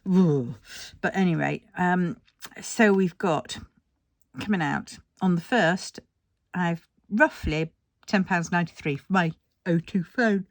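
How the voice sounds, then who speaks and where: A woman's voice: fairly low pitch, slow pace, dry recording, studio quality. An older woman chatting casually about her budget, rambling and self-deprecating and a little tired. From England. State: tired, yawning. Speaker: budgeting vlogger. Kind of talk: casual chat.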